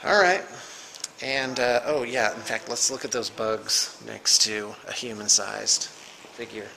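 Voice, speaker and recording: A man's voice: on the low side, fairly even intonation, takes it slowly, gravelly, pushed and bright, slight background noise. A man hosting a tabletop game as game master, chatty and upbeat with many fillers. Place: room around a gaming table. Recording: reverberant room.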